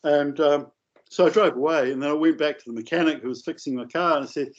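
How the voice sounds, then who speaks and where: A man telling a long, rambling anecdote in a casual, animated way, with coarse language. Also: a little high, quick pace. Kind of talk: casual storytelling. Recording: dull lo-fi audio.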